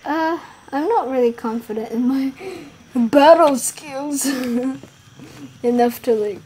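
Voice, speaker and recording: Giggly high-voiced woman gaming. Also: slow, a little hiss or hum. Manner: giggly, rambling, trails off mid-sentence; bursts into excited shouting at the action. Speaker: gaming YouTuber. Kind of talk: casual gameplay commentary.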